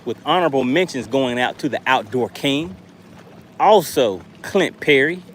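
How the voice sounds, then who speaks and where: Lively man streaming from a boat. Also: mid-range voice, normal speed, slight background noise. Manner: animated, reads chat aloud, exclaims. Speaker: fishing live streamer. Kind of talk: live stream chat with viewers. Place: on a boat outdoors.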